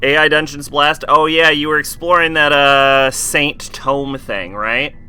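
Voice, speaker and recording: A man's voice: fairly high pitch, steady tone, a little slow, bright, forceful tone. A man streaming a game live, chatting casually in a rambling way, full of fillers and swearing.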